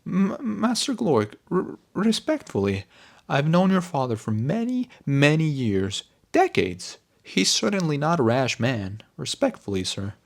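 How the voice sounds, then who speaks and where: A man's voice: on the high side, huge pitch swings, unhurried, vocal fry, voice pushed up, exaggerated voice. A man voicing a nervous, deferential older servant who stammers. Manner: stammering, timid.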